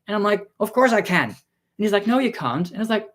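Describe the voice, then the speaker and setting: A man vlogging a casual story, exasperated and sarcastic, acting out the people he quotes with sudden jumps in pitch. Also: animated, brisk, fairly bright tone. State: tired.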